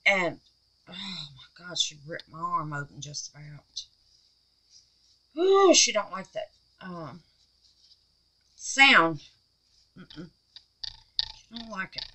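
Slow-talking woman, chatty crafter. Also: fairly low pitch, rough recording. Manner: chatty, excitable, calls viewers babies and honey. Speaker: resin craft channel host. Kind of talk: casual crafting vlog.

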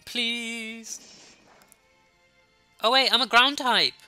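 Brummie Let's Play host, young adult, sniffly, chatty with viewers, bright sharp tone. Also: medium pitch, animated, normal speed, no room sound, soft background music. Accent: Birmingham. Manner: chatty, talking to viewers while playing. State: sniffly with a runny nose. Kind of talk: casual gameplay commentary.

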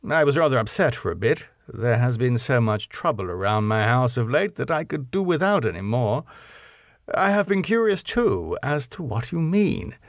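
A man voicing a proud young English lord who speaks earnestly and formally and is quick to take offence. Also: medium pitch, sing-song, dry recording, clean studio sound, pitched above the performer's own voice. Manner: earnest and formal, rising to indignation.

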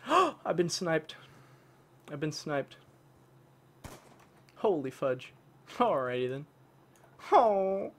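A man casually commenting on his own online shooter match, excitable and trash-talking, dropping to mutters and jumping to yells. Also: a little high, vocal fry, slight background noise. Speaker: gaming YouTuber.

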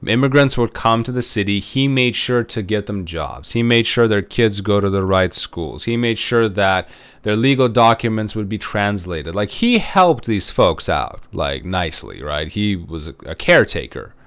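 A man's voice: on the low side, animated, moderate pace, a bit bright, clean tone. A man giving a history lecture in a loose, conversational way, full of "um" and "right?" tag questions. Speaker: history professor. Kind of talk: recorded lecture.

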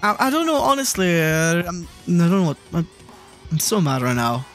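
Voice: mid-range voice, sing-song, normal speed, faint music behind. Swearing, exasperated gameplay streamer. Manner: exasperated, swears often, shouts suddenly at the game. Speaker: streamer playing a video game. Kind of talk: live gameplay commentary.

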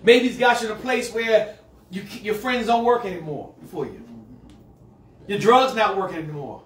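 A male pastor preaching a sermon to a congregation, moving between quiet asides and shouted call-and-response lines. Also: sits high, normal speed, slight background noise. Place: church sanctuary with a congregation. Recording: echoey hall, mic far off. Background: congregation answering.

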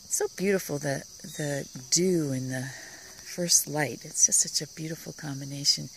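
A woman giving a casual tour of her vegetable garden, talking admiringly and softly, sometimes dropping to a whisper, recorded outdoors on a handheld camera. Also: low-pitched, moderate pace, gravelly, a little hiss or hum. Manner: admiring, soft-spoken, often drops to a whisper.

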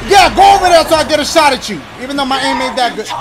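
High-voiced excitable man, gaming commentary. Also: very fast, a crowd in the background. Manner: excitable, loud outbursts, swears freely. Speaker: gaming let's-play host. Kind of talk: live game commentary. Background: game music.

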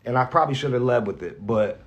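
Medium-pitched and expressive, the male radio host curses a lot as he talks off the cuff in a candid vlog, halting, rambling and often restarting. Gratitude makes him earnest and emotional. The recording is lo-fi.

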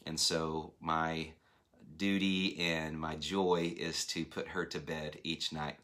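A man in his thirties preaching a sermon as a pastor, animated and acting out voices as he speaks. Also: a bass voice, slow pace. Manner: animated, acts out phone voices. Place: church hall.

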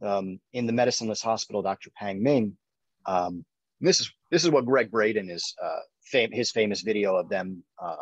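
Male host, low husky voice, dry sound, rambling chat. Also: moderate pace, no echo, poor audio. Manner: rambling, many fillers. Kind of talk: casual chat.

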